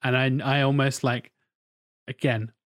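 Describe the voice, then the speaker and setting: A man's voice: mid-range voice, flat delivery, a little slow, no echo, studio quality. A man co-hosting a podcast, chatting casually, laughing and self-deprecating with casual swearing. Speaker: podcast co-host.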